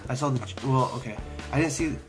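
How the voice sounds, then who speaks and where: A man's voice: medium pitch, fast, low-quality recording. A young man chatting casually in a travel vlog, rambling and hesitant with many fillers and restarts. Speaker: vlogger. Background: background music.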